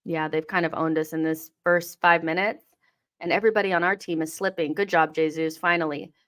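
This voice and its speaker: A young woman hosting a live football watchalong, reacting to the match, swearing and shouting at the players. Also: low-pitched, fairly even intonation, a little fast.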